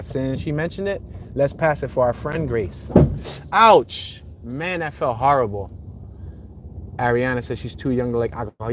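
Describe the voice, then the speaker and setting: A man's voice: medium pitch, slight background noise. A man hosting a live driving tour, chatting casually and reading out viewer comments as he goes. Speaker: livestream host driving a neighborhood tour. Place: inside a car on city streets.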